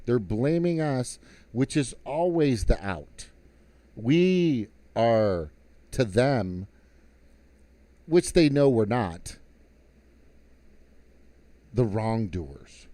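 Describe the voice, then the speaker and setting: A man's voice: mid-range voice, animated, drawn-out words, pauses often, mellow, no echo. A man on a live stream, telling a rowdy story in casual, profane talk that turns into a heated political rant.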